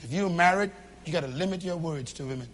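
A man preaching a sermon to a church congregation, emphatic, with loud bursts and low asides. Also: fast, slight background noise.

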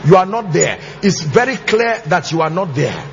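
A pastor preaching to his church, emphatic and sing-song, with shouted bursts and call-and-response questions. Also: high-pitched, very animated, normal speed, gravelly, crowd noise, background noise. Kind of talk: sermon. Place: church auditorium with congregation. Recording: slightly muffled church recording, faint music.

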